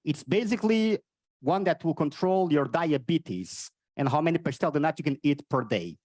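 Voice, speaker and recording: A man from Portugal with a Portuguese accent doing a stand-up comedy set and chatting with the crowd. He swings between high exclamations and low muttered asides. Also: animated, moderate pace, a little mellow, no room sound. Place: live comedy venue.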